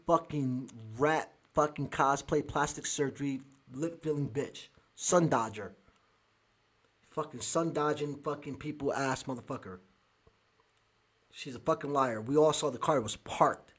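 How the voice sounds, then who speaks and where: A man's voice: a little high, measured pace. A man hosting a podcast, reacting to news clips in a furious, profane rant. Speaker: podcast host. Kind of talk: angry commentary reacting to clips.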